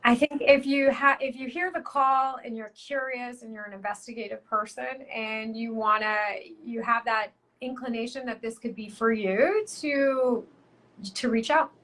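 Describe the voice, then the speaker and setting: A woman's voice: a little high, fairly even intonation, moderate pace, fairly bright tone. A woman in a casual chat, agreeable and supportive, backing others up with short affirmations.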